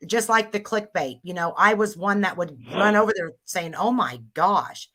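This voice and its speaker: A woman's voice: mid-range voice, moderate pace, sharp tone. A woman hosting a casual livestream chat, exclaiming and trailing off. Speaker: livestream host.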